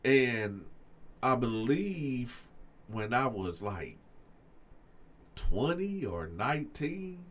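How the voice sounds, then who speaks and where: A man's voice: drawn-out words, long pauses. A man hosting a storytelling channel, telling a story to his viewers in a loose, slangy way and acting out both sides of the conversation. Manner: animated, acts out both sides of a story with raised pitch for himself; loose slangy delivery, addresses viewers as y'all.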